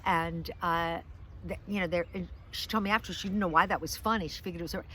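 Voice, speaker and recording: A woman's voice: lowish voice, fairly even intonation, fast, bright, forceful tone, slight background noise. A middle-aged American woman telling a rambling, self-deprecating story in a casual vlog, outdoors in a park, with lots of fillers and restarts. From United States. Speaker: vlogger, comedian.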